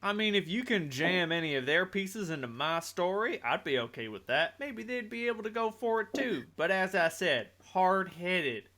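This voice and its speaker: A man's voice: high-pitched, very animated, moderate pace, hardly any pauses, sharp tone. A man leads a tabletop game, talking in character with a folksy drawl. His delivery is blunt and easygoing. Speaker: game master voicing a character. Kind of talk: in-character tabletop role-play.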